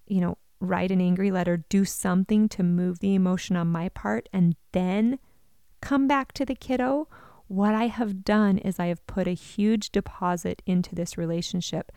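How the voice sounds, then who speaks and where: A woman in an advice talk for parents, earnest and encouraging as she speaks straight to the listener. Her voice is smooth and resonant, and it sits at an ordinary middle pitch. The sound is dry, with no room echo. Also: steady tone, moderate pace, warm tone. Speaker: parenting educator.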